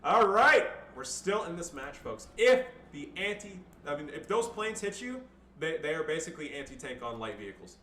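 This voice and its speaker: A man giving casual, profane, excitable commentary over his own strategy game match, joking and swearing between calls. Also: on the high side, moderate pace, reverberant, distant mic, slight background noise. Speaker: gameplay commentator.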